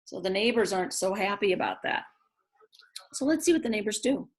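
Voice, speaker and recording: A woman's voice: medium pitch, animated, a little fast. A woman reading a picture book aloud, breaking off for chatty asides to her young listeners. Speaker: read-aloud storyteller.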